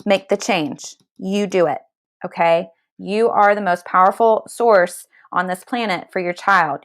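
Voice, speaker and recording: A woman reading tarot live, speaking straight at her viewers. She hands out tough love in a blunt, emphatic way, swears freely, and keeps asking "okay?" or "all right?" to make sure it lands. Her voice sits at an ordinary middle pitch. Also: a bit bright. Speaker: tarot card reader.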